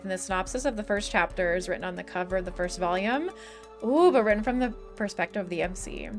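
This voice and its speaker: A young female streamer, voice medium in pitch and a bit bright, talks loosely with her chat. Her frequent laughter and swearing strain a voice that's already giving out.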